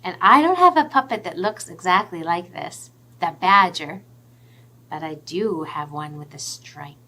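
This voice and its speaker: A woman, a children's librarian hosting a storytime with puppets, talking in an animated, expressive way that drops to whispers for the hints. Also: on the low side, measured pace.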